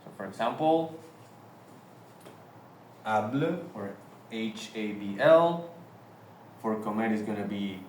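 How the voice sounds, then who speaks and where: A man's voice: medium pitch, a little hiss or hum. A man teaching a recorded grammar lesson, spelling words out letter by letter and praising with "very good.". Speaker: Spanish teacher. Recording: echoey room, voice from a distance.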